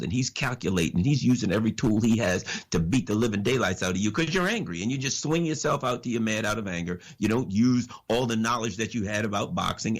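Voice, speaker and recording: A man's voice: medium pitch, slightly rough. A man giving an impassioned political commentary as a radio guest, preachy and full of rhetorical questions and repeated phrases.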